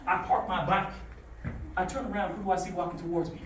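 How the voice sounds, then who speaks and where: A man giving a motivational talk to students, telling stories in a lively call-and-response way. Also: sits high, quick pace, very noisy. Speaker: motivational speaker. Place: school classroom. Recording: echoey room from far off.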